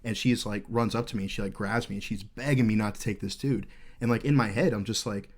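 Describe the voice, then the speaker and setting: This thirty-something podcast host talks fast in a low-ish voice while telling a story in a casual way. Earnest and intense, he rambles with fillers and swears nearly every sentence.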